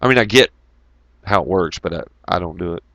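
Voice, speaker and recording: A man's voice: deep voice, fairly quick, gravelly, fairly bright tone, no echo. Profane, rambling man. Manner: profane, rambling, laughs often. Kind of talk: casual rambling storytelling.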